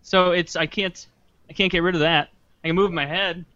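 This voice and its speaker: A man's voice: high-pitched, steady tone, normal speed, sharp tone, dry recording. A man joking dryly on a podcast call from a room with a window behind him. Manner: dry, sarcastic. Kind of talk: casual podcast chat. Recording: dull, lo-fi call audio.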